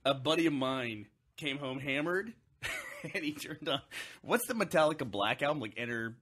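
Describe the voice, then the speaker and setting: A man's voice: a little high, expressive, moderate pace, a bit bright, husky. A young man co-hosting a podcast, telling a rowdy college story in casual chat, laughing often and swearing freely. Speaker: podcast co-host.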